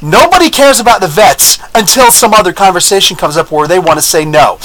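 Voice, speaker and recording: A man with a fairly high voice for his sex, hosting a podcast in a loose, opinionated monologue. He rambles and circles back, and speaks bluntly. He keeps checking in with his listeners as he tells his stories. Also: brisk, few pauses, poor audio. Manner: rambling, animated, keeps asking "you know what I'm saying?". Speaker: podcast host. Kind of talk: casual opinion monologue with storytelling.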